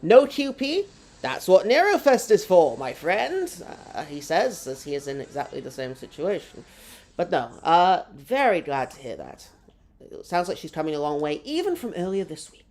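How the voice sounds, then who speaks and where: A woman streams a game live, reading out her chat and answering it as she goes. Her voice sits on the low side but jumps all over in pitch. She rambles, teases herself, and keeps things loose and conversational. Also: very animated, a little mellow. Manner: chatty, rambling and self-mocking, with quick laughs. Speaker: gaming streamer.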